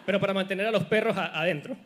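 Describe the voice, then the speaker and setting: A man interpreting a sermon live, quickly echoing each phrase of the preacher. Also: high-pitched, fairly bright tone, some chatter behind. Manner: rapid, echoes the preacher's phrasing.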